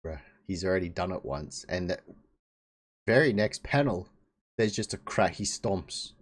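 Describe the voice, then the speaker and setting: Man, streamer, casual live reaction, chuckling, slightly low voice. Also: animated, a little slow, breathy edge.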